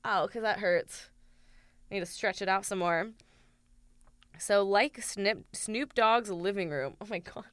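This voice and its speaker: A woman's voice: medium pitch, a little slow, pauses often, clear, resonant tone, no room sound. A woman co-hosting a podcast in crude, casual chat, telling stories with frequent laughter, into a studio microphone. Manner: lively storyteller, laughing, crude. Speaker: podcast co-host.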